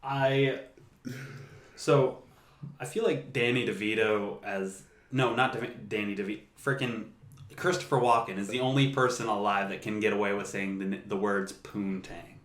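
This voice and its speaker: A man's voice: fairly low pitch, fairly even intonation, normal speed, a bit bright. A man co-hosting a podcast in casual chat, rambling with many fillers and laughing easily. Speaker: podcast co-host. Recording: roomy echo.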